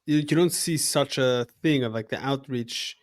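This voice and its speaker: A man's voice: mid-range voice, normal speed, no room sound, studio quality. Man hosting, thinking aloud. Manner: thinking aloud, hedging and restarting. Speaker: podcast host. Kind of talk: conversational interview questions.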